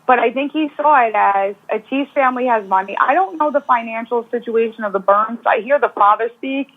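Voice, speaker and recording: A woman with a slightly high voice calls in over a tinny, phone-like line. She lays out her opinions on a true-crime case in casual, speculative talk. Her delivery is assured and opinionated. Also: fairly quick. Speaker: guest commentator. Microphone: phone call.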